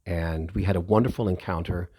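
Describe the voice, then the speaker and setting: A middle-aged man telling a personal story in a lively, heartfelt way. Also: sits low, fairly quick, husky. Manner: animated, emotional, lively retelling.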